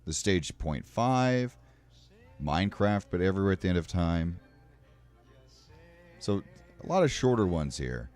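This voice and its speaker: A man's voice: low voice, sing-song, unhurried, long pauses, a little mellow, faint music behind. A man streaming, chatting casually in a rambling, emotional way and swearing now and then. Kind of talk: casual livestream chat.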